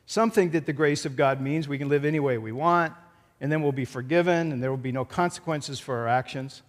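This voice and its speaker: Man, pastor, sermon, slightly high voice, long church reverb. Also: fairly quick. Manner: earnest preaching, retelling a film scene with quoted lines. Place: church sanctuary.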